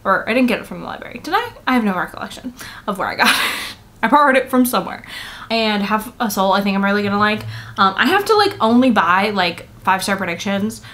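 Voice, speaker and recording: A young woman giving a casual book vlog from her apartment, tired from little sleep, rambling with many fillers and quick laughs. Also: medium pitch, sing-song, a bit bright. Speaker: book vlogger. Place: apartment at home.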